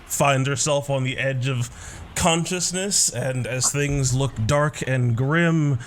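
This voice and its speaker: A man playing a tabletop game, narrating his character's fate slowly and dramatically. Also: mid-range voice, a little hiss or hum. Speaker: player.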